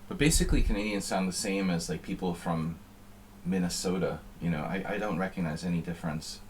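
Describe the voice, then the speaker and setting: A man's voice: sits low, fairly quick, a little hiss or hum. A man streaming chess, chatting in a rambling, wry, offhand way between moves. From United States. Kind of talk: casual chat while playing online chess.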